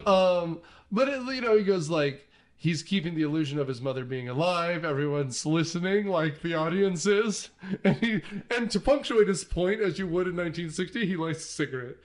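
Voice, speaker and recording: A man's voice: on the high side, expressive, moderate pace. A man hosting a casual movie podcast, talking enthusiastically with frequent fillers and restarts. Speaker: podcast host.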